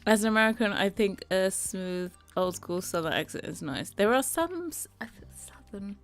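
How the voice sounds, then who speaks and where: A woman's voice: mid-range voice, expressive, moderate pace, faint music behind. A tired British woman chatting casually with her live stream, rambling and giggling and muttering to herself while she works. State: tired and yawning. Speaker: Sims custom content creator streaming.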